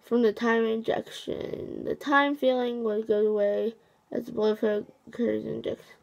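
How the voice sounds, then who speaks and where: A woman's voice: on the high side, level tone, moderate pace, creaky, a little mellow, muffled recording. A teenage girl vlogging casually after the dentist, her mouth still numb, rambling with lots of fillers and counting aloud. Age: teens. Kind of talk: casual vlog to camera.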